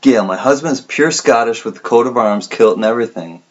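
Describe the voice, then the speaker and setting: A man's voice: mid-range voice, fairly quick, muffled recording. A man hosting a collectibles livestream, chatting casually and reading out viewer comments.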